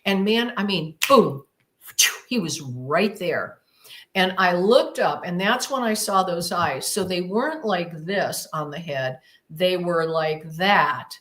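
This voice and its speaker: A woman's voice: lowish voice, expressive, slow pace, fairly bright tone. A woman guest on an interview podcast, recounting a personal experience as a vivid storyteller who repeats words for emphasis and acts out what she said. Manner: vivid storyteller who acts out her own past exclamations.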